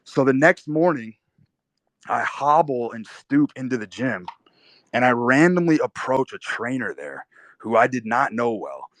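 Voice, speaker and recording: Very animated and fairly bright in tone, a young man speaks at medium pitch and a measured pace in a first-person storytelling monologue. He's intense, swears heavily, and tells his personal story vividly, recorded dry with no room sound.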